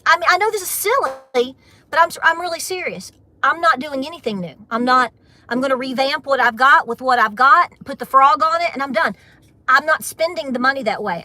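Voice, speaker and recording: Woman, american, live-stream host, chatty and emphatic, crisp bright tone, dry close sound. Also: high-pitched, no echo. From United States. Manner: chatty, emphatic, repeats points for stress. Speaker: homesteading channel host. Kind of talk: casual live-stream chat.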